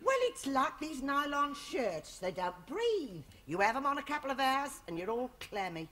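A woman's voice: high-pitched, big pitch swings, moderate pace, fairly bright tone. An actress playing a fussy, rambling older mother in a 1970s studio sitcom. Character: fussy, dotty London mother. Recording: hissy old TV soundtrack.

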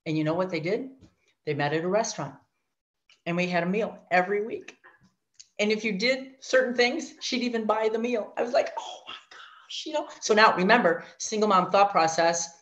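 Animated woman telling her story, lo-fi. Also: medium pitch, a little fast. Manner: animated storyteller, mimics voices, asides to the audience. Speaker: guest sharing her story. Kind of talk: personal testimony talk. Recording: dull lo-fi audio.

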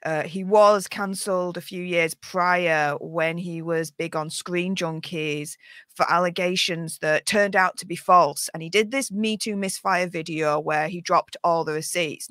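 A woman's voice: on the low side, fairly bright tone, dry recording. A woman from Yorkshire with a Yorkshire accent, telling stories as a podcast guest in casual chat. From Yorkshire, England. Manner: chatty storyteller, quick asides.

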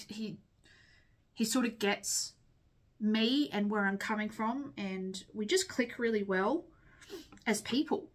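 A woman's voice: mid-range voice, fairly bright tone. A young woman chatting candidly while doing her makeup, rambling and sniffling as she talks. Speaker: vlogger.

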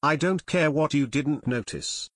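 A man doing a gruff, shouting stranger. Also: fairly high pitch, a little slow, no echo, clean studio sound. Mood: sneering. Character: gruff, hard-of-hearing middle-aged man with shotgun.

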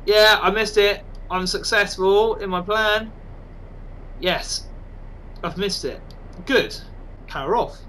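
A man casually commentating on his own game, excitable and self-mocking. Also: sits high, takes it slowly, long pauses, a little hiss or hum, rough recording. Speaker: gaming channel host.

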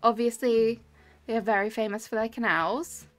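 A woman's slightly high voice, steady in tone and moderate in pace, narrates a live-streamed tour of game islands. She chats cheerfully in casual commentary, calling out chat members by name. Her webcam and desk mic capture a dry close sound over game music.

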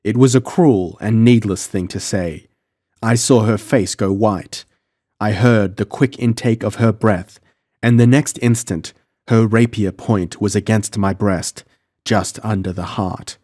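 A man narrating a pulp adventure audiobook in the first person, measured and dramatic. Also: fairly low pitch, fairly even intonation, darkish tone, no room sound, clean studio sound.

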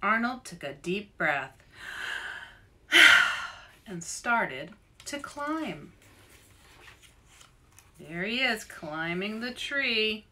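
A woman author reads her children's book aloud. Her voice is bright and animated. She reads slowly and pauses to ask young listeners questions. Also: mid-range voice. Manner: expressive, asks kids questions. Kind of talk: picture book read-aloud.

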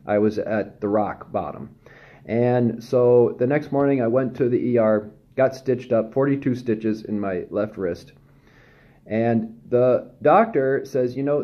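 A man giving a candid, self-deprecating personal testimony, speaking haltingly with frequent pauses and restarts. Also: fairly low pitch, highs cut off. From Southern California.

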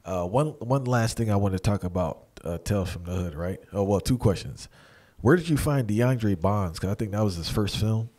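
A man's voice: fairly low pitch, lively intonation, moderate pace, mellow. A man hosting an interview, asking casual, conversational questions with fillers. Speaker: interview host.

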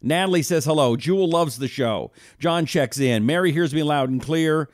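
A man's voice: on the high side, normal speed, no room sound, studio quality. Chatty man hosting a live show. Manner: chatty, shout-outs to viewers, blunt asides. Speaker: host. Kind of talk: live-stream talk show, reading viewer comments.

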